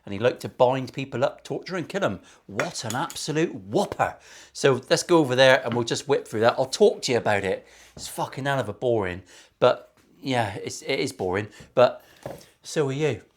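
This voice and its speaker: A man's voice: mid-range voice, expressive, normal speed. A man, a luthier chatting casually and sarcastically while building a guitar in his workshop, swearing freely.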